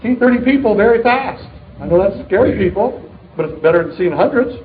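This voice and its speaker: A middle-aged sales leader gives a live motivational talk at a distributor meeting, telling joking stories with punch and energy. His voice sits high with lively intonation and a slightly quick pace, and the tinny, narrow-band recording is roomy with a little hiss or hum.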